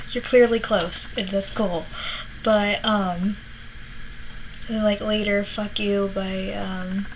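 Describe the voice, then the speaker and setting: Speaking in a mid-range voice over some background noise, a young vlogger from Florida chats through a story for her audience. She acts out what people said, laughing and swearing now and then.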